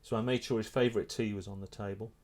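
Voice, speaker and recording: A middle-aged man, a photographer and filmmaker, telling a lively anecdote in a casual interview, restarting his sentences often. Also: lowish voice, fast. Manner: animated storyteller, many restarts.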